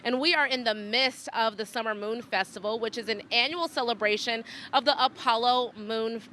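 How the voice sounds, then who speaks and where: Bright, upbeat woman host for a TV feature segment. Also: on the high side, normal speed, slight background noise. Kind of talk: broadcast interview and feature narration.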